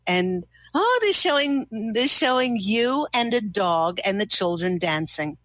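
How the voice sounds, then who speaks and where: A woman hosting a talk radio show, giving a spiritual card reading to a caller in a slow, gushing, soothing way. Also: medium pitch, big pitch swings, fairly bright tone, no echo. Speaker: radio host and angel card reader.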